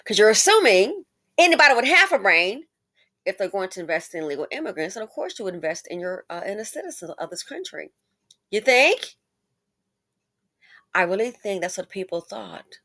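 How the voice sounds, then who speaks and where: A woman hosting a casual commentary monologue, speaking straight to her viewers with exclamations and rambling asides. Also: mid-range voice. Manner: animated, talks straight to viewers. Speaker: commentary channel host.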